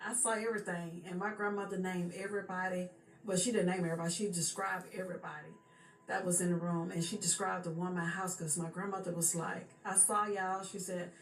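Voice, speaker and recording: A woman telling a personal story in a casual, chatty way, often circling back with "she said" and "for real.". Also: fairly low pitch. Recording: echoey room with faint background noise.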